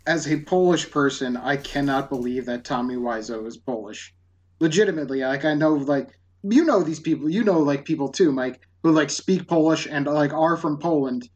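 A man co-hosting a podcast, excitable and laughing often in casual chat. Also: on the high side, moderate pace. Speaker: podcast co-host.

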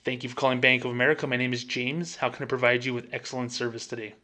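A man playing an overly polite bank phone representative who speaks with smooth, scripted, apologetic courtesy. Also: medium pitch, level tone, rapid-fire, pushed and bright, lightly acted. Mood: falsely apologetic.

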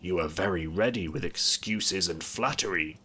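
A man voicing an angry, grim beast who rules a castle, speaking in a stern, menacing way in a deep voice. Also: moderate pace, bright, forceful tone, a little hiss or hum. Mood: scornful.

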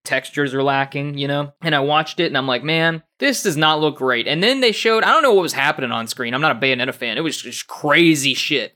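A young man co-hosting a casual gaming podcast, animated and laughing often, with lots of fillers and restarts. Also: mid-range voice. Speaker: podcast co-host.

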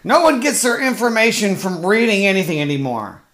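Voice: mid-range voice, sing-song, fairly quick, fairly bright tone. Sarcastic, profane solo podcast host. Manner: sarcastic, profane ranting with mock voices; rambling, with fillers and restarts. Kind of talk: solo comedic podcast rant.

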